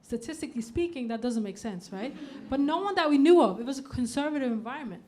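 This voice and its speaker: A woman from Denmark doing a stand-up comedy set on a club stage, with deadpan setups and punchy acted-out quotes, audience laughter behind her. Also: high-pitched, quick pace, a little hiss or hum.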